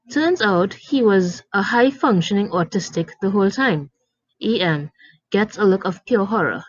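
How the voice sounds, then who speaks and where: A woman's voice: medium pitch, animated, normal speed, dry recording. A woman reading a story aloud with dramatic, indignant storytelling, in a dry, dull lo-fi recording. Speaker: story narrator.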